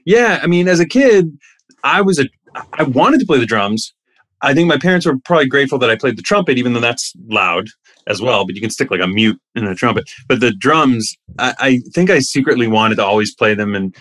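A middle-aged man telling stories casually as a guest, animated, acting out the voices of the people he quotes with big jumps in pitch. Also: a little fast, no room sound. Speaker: actor guest. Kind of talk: casual anecdotal storytelling.

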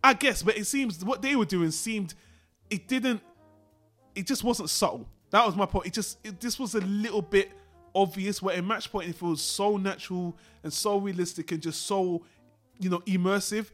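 Animated high-voiced man reviewing a film. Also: normal speed, soft background music. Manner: animated, swearing, acts out characters in his retelling. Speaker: podcast co-host. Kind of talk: casual film discussion.

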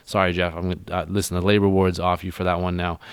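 A man's voice: low voice, little pitch movement, very fast, smooth. A man in casual chat, telling a rambling, sweary story and acting out what people said. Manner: rambling storyteller, swears a lot, acts out quotes.

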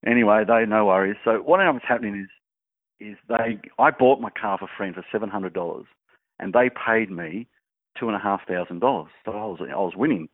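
A man, a grief researcher and guest, telling anecdotes in an animated, casual way. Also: fairly low pitch, dry recording. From Australia. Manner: animated storyteller, laughing through anecdotes. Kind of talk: casual storytelling chat. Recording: dry, tinny phone-like line.

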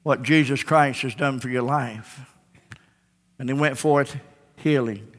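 A man's voice: mid-range voice, a little slow. A man preaching a folksy, emphatic sermon as pastor in an echoey church. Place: church sanctuary.

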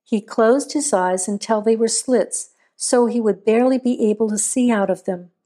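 A woman reading a scripted horror story aloud in a measured, steady storytelling voice. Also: a little high. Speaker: narrator.

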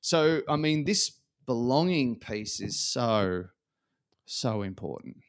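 A man's voice: mid-range voice, slow. A man, a podcast guest chatting casually and acting out quotes as he tells stories. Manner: animated storyteller acting out quotes.

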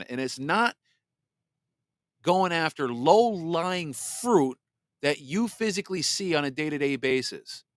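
A man hosting a political commentary podcast, blunt and sarcastic, reading viewer comments aloud and sometimes mocking others in a shrill put-on voice. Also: fairly bright tone, no echo, clean studio sound. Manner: blunt and sarcastic, mocks voices in exaggerated falsetto. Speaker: podcast host.

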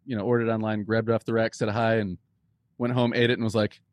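A man's voice: fairly low pitch, level tone, fast, dry recording. A man hosting a podcast, chatting in a friendly, curious way and adding little asides. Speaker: podcast host. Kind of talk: casual interview chat.

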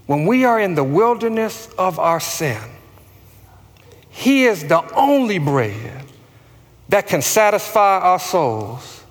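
A high-pitched man delivers a sermon at an unhurried pace. He stresses his words and has listeners echo phrases back. His voice carries a long reverb of a large hall. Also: big pitch swings. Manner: slow, emphatic preaching with call-and-response. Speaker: pastor.

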